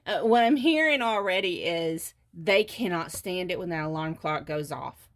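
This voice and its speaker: A woman doing a casual pick-a-card tarot reading, often laughing and pausing with fillers. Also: fairly low pitch, lively intonation. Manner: giggly, halting with many fillers. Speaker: tarot reader.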